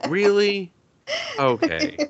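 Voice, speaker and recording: A woman's voice: medium pitch, wildly swooping pitch, lo-fi sound, background noise. A woman co-hosting a podcast, recapping a movie in casual chat with sarcasm and swearing, acting out the characters' lines. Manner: profane, sarcastic, acts out characters in quick voices. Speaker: podcast co-host.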